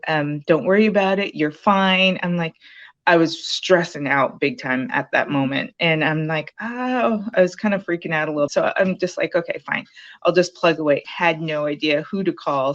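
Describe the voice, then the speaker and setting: Low-voiced woman telling her story. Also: highs cut off. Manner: rambling, many fillers and restarts. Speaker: program graduate sharing her story. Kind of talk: casual interview testimonial.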